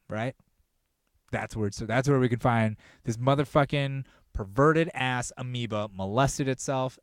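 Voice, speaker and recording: A man hosting a podcast with a profane, riffing comedic rant that builds to loud mock outrage. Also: medium pitch, clear, resonant tone, dry recording, studio quality. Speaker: podcast host.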